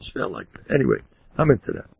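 Talking fast, a man acting as a rabbi gives a rambling, informal Torah talk laced with sarcastic mock-boasting, constant self-interrupting asides, and bits of Hebrew and Yiddish. The dull lo-fi recording has no echo.

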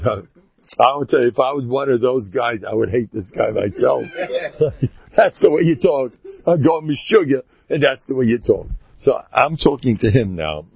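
A man, a rabbi, giving an informal religious talk in an animated, rambling way, often mimicking other people's voices. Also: mid-range voice, normal speed, creaky, breathy edge, no echo. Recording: dull lo-fi recording.

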